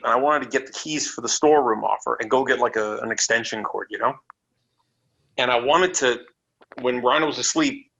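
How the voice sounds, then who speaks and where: A creaky, medium-pitched male voice recounts wrestling road stories as a podcast guest. The storytelling is casual and animated, with acted-out voices and plenty of swearing, captured in dull lo-fi podcast sound.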